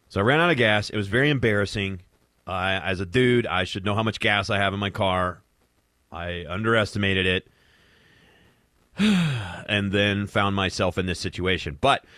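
A man's voice: lowish voice, sharp tone, no echo. A man hosting a talk radio show, chatting casually with rambling fillers and restarts into a studio microphone.

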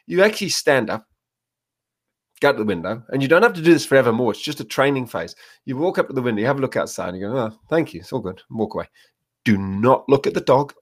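A man, a dog trainer being interviewed, telling stories and acting out little scenes. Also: on the high side. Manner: storytelling, acts out little quoted scenes. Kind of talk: casual interview talk.

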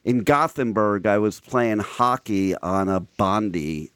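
A man from New Jersey who trained away most of his accent, chatting casually and telling lively stories with frequent laughs, recorded in his own studio. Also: fairly low pitch, slow, smooth. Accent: faint General American, trained down from New Jersey. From New Jersey, USA. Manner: animated storyteller, laughs often. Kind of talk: casual chat.

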